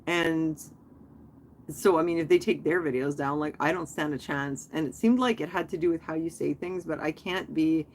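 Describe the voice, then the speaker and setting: A woman's voice: deep voice, moderate pace, a little hiss or hum. Rambling, chatty woman live-streaming. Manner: rambling and chatty, jumping between topics. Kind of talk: casual live-stream chat.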